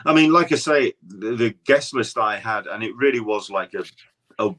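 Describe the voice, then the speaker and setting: A man's voice: fairly low pitch, lively intonation, normal speed, sharp tone. An English man, a guest podcaster, telling stories in casual chat, rambling with frequent restarts. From England. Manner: rambling anecdotal storyteller, many restarts.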